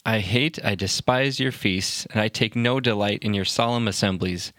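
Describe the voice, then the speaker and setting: A man's voice: fairly low pitch, moderate pace, fairly bright tone, dry recording. A man hosting a pastors' podcast, chatting casually and reading scripture aloud in an easygoing way.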